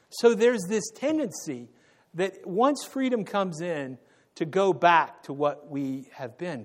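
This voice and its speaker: A man preaching an unscripted sermon, pausing on fillers and correcting himself as he goes. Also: a little high. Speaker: pastor.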